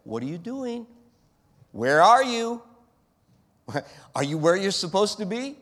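A man's voice: high voice, sing-song, slow, fairly bright tone, voice pushed up, full character voice. A man voicing God as a patient, fatherly figure who asks a sinner searching, pleading questions. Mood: probing. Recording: long hall reverb.

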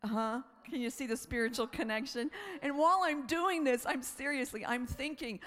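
A woman preaching a sermon, telling a personal story in an animated way, laughing often and acting out her own thoughts. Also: high-pitched, normal speed, few pauses.

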